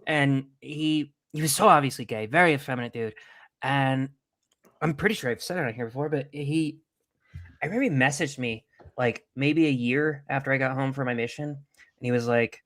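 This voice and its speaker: A man's voice: mid-range voice, normal speed, a bit bright. A man co-hosting a podcast, telling easygoing anecdotes with frequent chuckles. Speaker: podcast co-host. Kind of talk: casual chat, storytelling.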